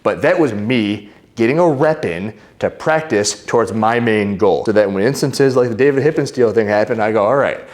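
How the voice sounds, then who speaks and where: Lower-voiced young man telling a story. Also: normal speed, few pauses. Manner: animated, acts out quotes loudly. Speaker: fitness YouTuber. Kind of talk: casual storytelling vlog.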